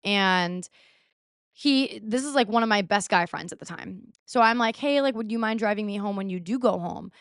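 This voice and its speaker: Clear and resonant, her medium-pitched voice moves at a moderate pace in a studio-quality recording free of room sound. The young woman, in her twenties, hosts a podcast and chats through a story, leaning on "like" and acting out others' words.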